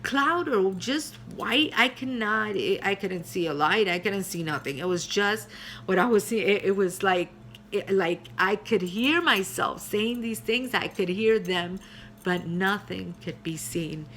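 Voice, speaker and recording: A middle-aged woman pastor telling her personal testimony in an earnest way, with many pauses and fillers. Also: mid-range voice, a bit bright, a little hiss or hum.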